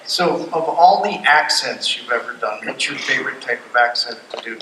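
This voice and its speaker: A man's voice: mid-range voice, expressive, normal speed, noisy background. A man hosting a convention panel, asking friendly, admiring questions. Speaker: podcast host interviewer. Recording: roomy hall, voice from a distance.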